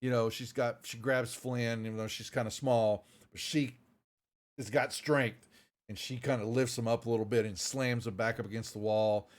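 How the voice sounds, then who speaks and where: A man's voice: medium pitch, fairly even intonation, normal speed. A man running a tabletop game as game master, narrating loosely with many fillers and restarts.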